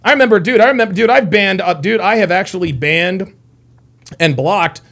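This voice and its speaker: A man's voice: high voice, moderate pace, vocal fry, fairly bright tone. A man live streaming, commenting on an article and his chat in a heated, profane way, often repeating himself and snapping back at commenters.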